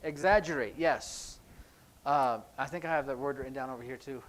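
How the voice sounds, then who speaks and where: A man's voice: mid-range voice, moderate pace, poor audio. A man teaching a sign language class at church, chatty and rambling with jokey asides.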